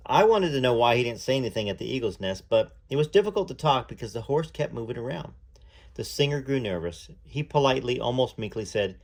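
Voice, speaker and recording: A man narrating a book aloud at a measured pace, telling the story in the first person. He sometimes breaks off to add his own comments between passages. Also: medium pitch, expressive.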